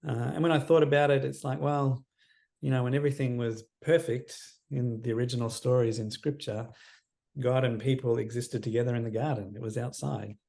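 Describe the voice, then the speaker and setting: Gravelly, mellow man reflecting. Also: medium pitch, steady tone, fairly quick. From Australia. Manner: reflective, earnest, trailing off quietly. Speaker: counsellor as podcast guest. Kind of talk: personal storytelling in interview.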